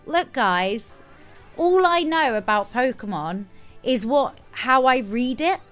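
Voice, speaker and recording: A woman game streamer talks casually as she plays, breaking into sudden excited squeals. Her voice sits high and sounds smooth and clean. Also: slow, faint music behind. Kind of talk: casual live gameplay commentary.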